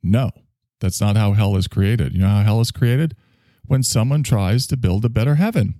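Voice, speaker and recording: Brief: deep, dark-toned male podcast host, self-mocking and rambling, reads chat. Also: normal speed, dry recording, studio quality. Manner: reads out listener chat messages. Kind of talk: casual live-stream podcast monologue.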